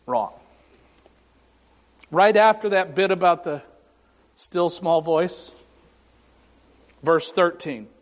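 A male pastor delivers a sermon in a church sanctuary, his fairly high voice unhurried and full of deliberate pauses. His words ring with a long reverb from the hall around him. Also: expressive. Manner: dramatic pauses, voices scripture and God with rising emphasis.

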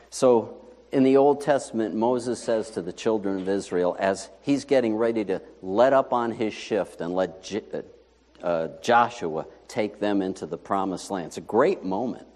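A man preaching a sermon as pastor, in a conversational, animated way full of rhetorical questions. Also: fairly low pitch, big-room sound.

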